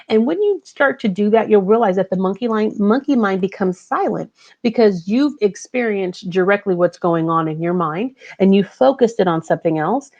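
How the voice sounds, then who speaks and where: A woman's voice: on the low side, darkish tone, highs cut off. A woman hosting a podcast as a life coach, giving a conversational motivational talk and repeating her key phrases.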